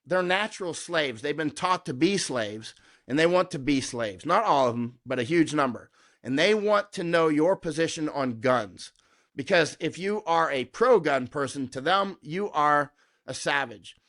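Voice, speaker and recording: High-voiced american guy, middle-aged, fired up and blunt, keeps saying right?. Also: fairly bright tone. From United States. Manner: combative, emphatic, keeps asking "right?". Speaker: guest, war correspondent. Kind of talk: conversational interview.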